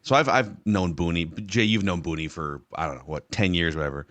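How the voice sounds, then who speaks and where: A deep-voiced man hosting a podcast, teasing his co-hosts wryly as he keeps the talk moving. The sound is dry and close on a studio mic. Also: a little fast, a bit bright, no echo. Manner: wry, teasing, steering the talk. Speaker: podcast host. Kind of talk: casual podcast chat. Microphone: studio microphone.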